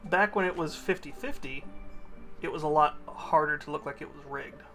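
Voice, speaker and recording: A man's voice: fairly high pitch, moderate pace, bright, forceful tone, faint music behind. A young man streaming himself painting miniatures, chatting casually and rambling with self-aware asides to a friend. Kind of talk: casual live-stream chat.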